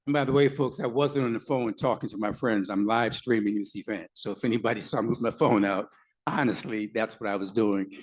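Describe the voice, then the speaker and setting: A man's voice: on the low side, fairly even intonation, a little fast. Emphatic man telling a story at a panel. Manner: emphatic, storytelling, dry asides. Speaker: activist lawyer panelist. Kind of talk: panel talk Q&A answer.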